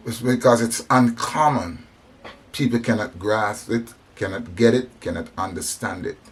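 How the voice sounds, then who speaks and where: Here a speaker on religion and society, a man of African descent, preaches passionately about compassion, circling back with emphatic repeats and fresh starts. His fairly low voice is slightly rough, and he keeps a measured pace.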